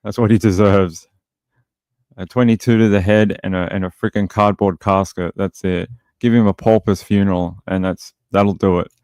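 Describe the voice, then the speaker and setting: A man's voice: low-pitched, steady tone, moderate pace, a little mellow, clean tone, no echo. An Australian man hosting a true crime livestream, casually reading out viewer comments and answering them in a blunt, opinionated way with lots of fillers.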